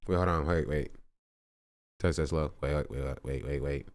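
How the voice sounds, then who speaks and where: A man with a low voice chats casually through a live stream, rambling between topics and thanking his subscribers. His delivery is loose and conversational, addressed straight to his viewers. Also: moderate pace.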